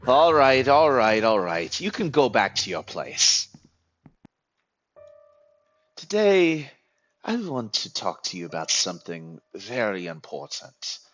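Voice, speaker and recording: A man's voice: lowish voice, sing-song, takes it slowly, pauses often, a bit bright, muffled recording, exaggerated voice. A man playing a barking French office boss. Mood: lecturing. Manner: barking, insulting, drill-sergeant chants. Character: harsh bossy male office manager.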